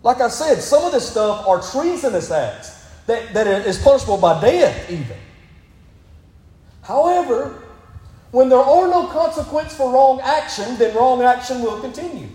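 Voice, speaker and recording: Emphatic high-voiced pastor preaching in a hall. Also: male voice, very animated, unhurried, warm tone. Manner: emphatic, repeatedly urging "listen". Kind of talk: sermon. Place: church sanctuary. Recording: echoey hall.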